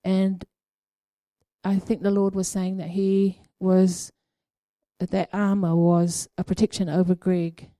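A woman gives an informal church teaching, talking through her experiences in a loose, halting way full of ums and tag questions. Her voice is mellow and warm, and the recording is dry and close. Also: lowish voice, little pitch movement, no room sound. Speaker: church speaker sharing prophetic experiences.

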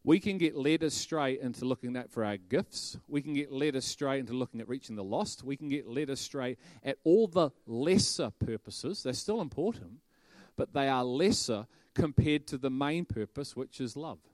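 A man preaching a sermon with lively, shifting emphasis. His mid-pitched voice sits close and dry, with little room sound around it. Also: moderate pace, few pauses, no room sound. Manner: animated, bursts into loud shouting and laughter.

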